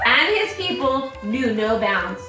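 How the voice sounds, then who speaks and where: A woman tells a children's holiday story, playfully getting listeners to cheer and boo. Her voice is high and she takes her time. She sounds distant in an echoey room with music underneath. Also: very animated, slow. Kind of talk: reading a children's Bible story aloud. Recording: roomy sound from a distant mic, music behind.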